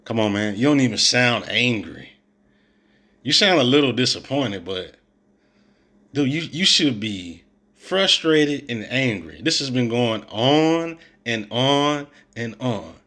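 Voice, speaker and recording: A man's voice: mid-range voice, lively intonation, slow, pushed and bright. A man reacting to a coach's press conference clips, blunt and exasperated, full of slang and mockery. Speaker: sports commentator reacting to clips. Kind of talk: opinionated reaction commentary.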